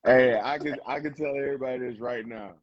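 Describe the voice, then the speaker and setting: A man's voice: mid-range voice, a little fast, muffled recording. A young man from South Carolina, a college football player talking casually as an interview guest, rambling with lots of "you know" and "like". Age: young adult. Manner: relaxed, rambling, full of fillers like "you know" and "like".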